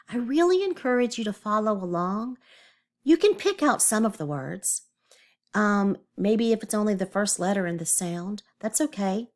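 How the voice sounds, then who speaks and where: A woman teacher reads a story aloud to young children and stops to explain. Her pitch swings widely and expressively. Her tone is encouraging and clear. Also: a little mellow.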